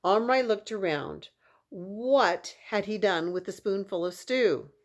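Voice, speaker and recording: A woman reading a children's novel aloud with expressive storytelling. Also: medium pitch, slow. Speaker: reader.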